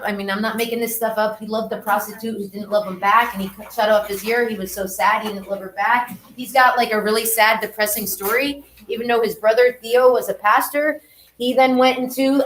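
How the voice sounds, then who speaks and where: A woman's voice: on the high side, fairly bright tone, echoey room. A woman teaching an art class, talking chattily and directly to her students. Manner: chatty, talks straight to students.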